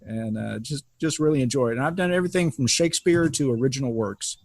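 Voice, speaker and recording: A man's voice: mid-range voice, quick pace, vocal fry, no echo. A man in his fifties, a podcast co-host and stage actor, chatting and joking over a video call. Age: 50s. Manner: joking, self-deprecating, lively banter.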